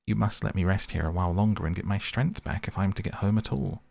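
A man's voice: deep voice, fast talker, vocal fry, darkish tone, dry recording. A man voicing a small, timid male mole, feeble and anxious, in a bedtime storybook reading. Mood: weary.

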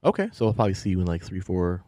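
A man's voice: low-pitched, big pitch swings, rapid-fire, mellow, no room sound, studio quality. A man voicing a friendly brother on a phone call, easygoing and welcoming.

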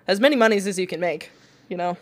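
A woman co-hosting a casual podcast, playful, chiming in with quick short replies. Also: lowish voice. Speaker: podcast co-host. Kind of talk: casual chat.

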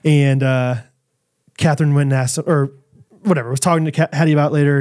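Thirties male podcast co-host, lively storyteller, laughs a lot, slightly high voice. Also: fast. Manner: animated storyteller, laughs often. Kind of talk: casual chat.

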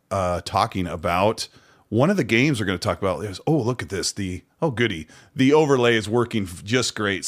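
A young man co-hosting a casual gaming chat show, telling funny stories in an animated way and laughing often. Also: mid-range voice. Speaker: podcast co-host.

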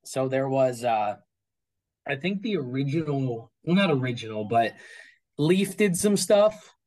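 A man's voice: medium pitch, lively intonation, measured pace, darkish tone, rough recording. A man speaking as an interview guest about his collection, talking casually and rambling with many fillers and restarts.

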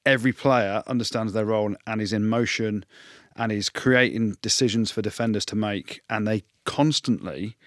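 Low-voiced Englishman, dry and emphatic. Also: dry recording. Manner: earnest, emphatic analyst who jokes and teases. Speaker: rugby podcast co-host. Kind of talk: casual sports analysis.

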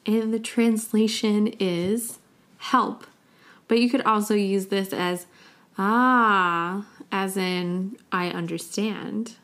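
Slow-talking playful woman. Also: medium pitch. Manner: playful, demonstrates sounds with frequent laughter. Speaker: podcast host. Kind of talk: casual solo podcast talk.

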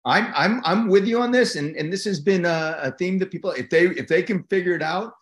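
A man's voice: high-pitched, brisk. A middle-aged man, an actor guest in an interview, joking playfully about a sequel. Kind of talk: casual interview chat.

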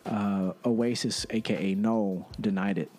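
A man in his thirties from Texas telling animated stories in casual chat, swearing freely. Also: fairly low pitch, measured pace, a little hiss or hum. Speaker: podcast guest.

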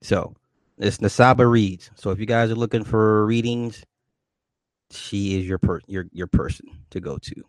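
A man hosting a livestream, answering viewers' questions in a loose, profane, rambling way and jumping up in pitch when he greets people. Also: fairly even intonation, moderate pace, no echo. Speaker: livestream host reading chat. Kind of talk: casual livestream chat.

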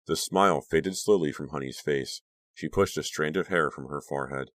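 A man reading a novel aloud as an audiobook narrator, in a steady, measured manner. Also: very deep voice, no echo, clean studio sound. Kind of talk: scripted narration.

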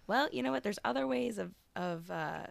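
A woman's voice: medium pitch, expressive, moderate pace, vocal fry, dry recording. A woman co-hosting a podcast, giving blunt opinions and thinking aloud in casual chat. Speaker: podcast co-host.

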